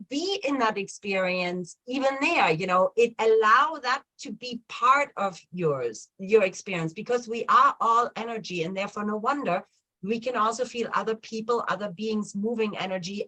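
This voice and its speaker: A woman hosting a casual spiritual talk show, chatty and animated, with many fillers and restarts. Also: mid-range voice, moderate pace, low-quality recording. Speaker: host of a spiritual chat show.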